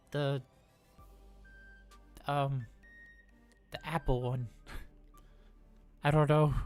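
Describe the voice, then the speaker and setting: A man's voice: fairly high pitch, close to an everyday voice. A man voicing an anxious, cheerful male robot daycare attendant on a live role-play stream, chatty and flustered, rambling with stammers. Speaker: livestream role-player.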